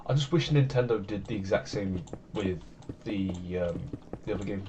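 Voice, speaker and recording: A man's voice: fairly low pitch, moderate pace, warm tone, slight background noise. Rambling easygoing male game streamer. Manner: rambling, easygoing, self-deprecating. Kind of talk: casual gameplay commentary.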